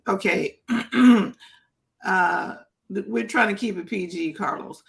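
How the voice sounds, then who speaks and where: A woman hosting a casual podcast chat, relaxed and joking as she reads out listener comments. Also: mid-range voice, slow pace, vocal fry.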